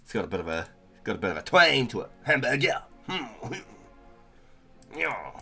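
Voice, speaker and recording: Low-voiced young kiwi guy streaming games, chill slangy rambling, bit of music and typing behind. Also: big pitch swings, racing, vocal fry, sharp tone. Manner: laid-back, slangy, rambling with frequent "bro" and "like". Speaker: livestreamer. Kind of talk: casual gaming stream chat.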